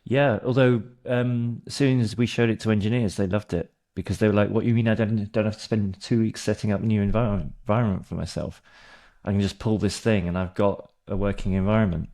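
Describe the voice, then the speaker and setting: A man joining a podcast conversation as a guest, speaking in a measured, thoughtful way. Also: fairly low pitch, steady tone, warm tone. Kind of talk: casual conversation.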